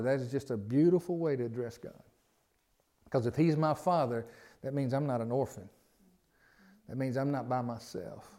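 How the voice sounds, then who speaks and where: A man's voice: medium pitch, darkish tone. A man with a Southern US accent preaching a sermon as pastor, in a folksy, conversational way with repeated phrases and asides.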